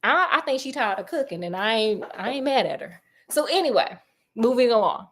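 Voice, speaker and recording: Woman storyteller, casual and animated book retelling, slightly high voice. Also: a little fast. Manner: animated, joking asides.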